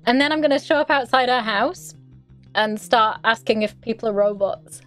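A woman chatting casually in a gleeful, giggly way, with a swear word here and there. Her voice sits high. Light music runs faintly underneath. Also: moderate pace, a bit bright. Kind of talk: casual chat.

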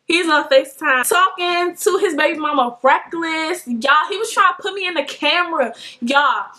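Young woman, high bright voice, animated storytime vlogger. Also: normal speed. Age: young adult. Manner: animated, swearing, mimics voices. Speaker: beauty vlogger.

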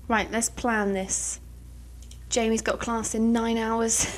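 A young British woman giving chatty, giggly let's play commentary on a life simulation game, swearing now and then. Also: on the high side. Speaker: gaming YouTuber.

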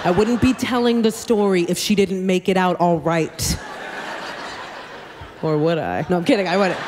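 A woman doing stand-up comedy, telling a story in an animated, chatty way full of asides, on a comedy club stage with a handheld mic. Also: mid-range voice, noisy background. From New York City.

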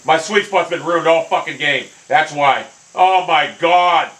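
Male gamer, hot-tempered, bright edgy tone, swears and shouts at the game nonstop. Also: fairly high pitch, a little slow, rough recording. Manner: furious, swearing constantly, yelling at the game. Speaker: gaming commentator. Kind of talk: raging gameplay commentary.

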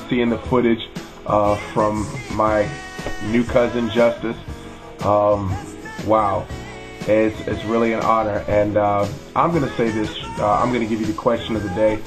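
Low-voiced man hosting a casual vlog. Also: poor audio. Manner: relaxed, rambling, with many fillers. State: emotional, voice dropping softly. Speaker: vlog host. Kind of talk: casual vlog talk to camera. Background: faint music.

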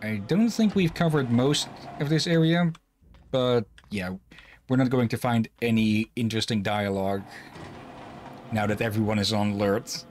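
A man's voice: mid-range voice, moderate pace, slight background noise. A man casually commenting while streaming a game, rambling and self-deprecating, often restarting his sentences. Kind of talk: casual let's-play commentary.

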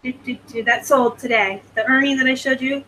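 A woman's voice: high voice, steady tone, fairly quick, pushed and bright, low-quality recording. A woman from the US West Coast hosting a live stream. She reads out viewer comments and chats about her selling in a rambling, casual way. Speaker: host.

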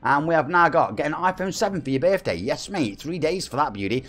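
A man's voice: a little high, lively intonation, fairly quick, fairly bright tone. A man in his forties with an East Midlands English accent, chatting upbeat with viewers and reading out their names during a live game stream. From England. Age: 40s.

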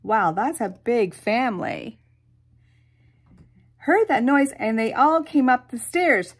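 A woman reading a picture book aloud to children, animated, with sound effects and soft whispered asides. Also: a little high, slow. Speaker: storyteller.

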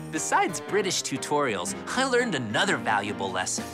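An eager young male puppet hosting a behind-the-scenes tour. The voice sits a little high and swings widely as he exclaims. Music plays clearly behind him. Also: wildly swooping pitch, unhurried. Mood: playful. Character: cheerful young male puppet, earnest, starstruck. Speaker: host.

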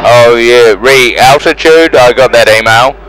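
A man's voice: medium pitch, slow, low-quality recording. A man with a New Zealand accent giving a joking running commentary, cheeky and swearing in mock outrage. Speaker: celebrity pilot in a flight simulator.

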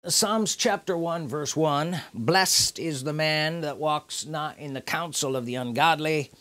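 A man preaching a sermon, emphatic, repeating key phrases with drawn-out pauses. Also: on the high side, sharp tone.

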